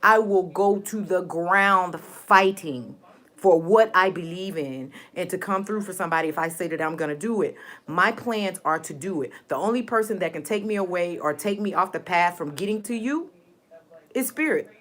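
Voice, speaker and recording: A woman's voice: lowish voice, normal speed, fairly bright tone. A woman talking to her viewers in a heartfelt, rambling way, repeating herself for emphasis. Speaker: vlogger. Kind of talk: casual personal vlog.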